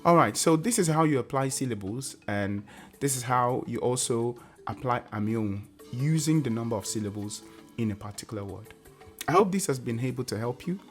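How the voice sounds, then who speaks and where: A man's voice: medium pitch, lively intonation, a little fast, faint music behind. A man hosting a casual online language lesson, patiently repeating example words and singing tone syllables. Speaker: language teacher and channel host.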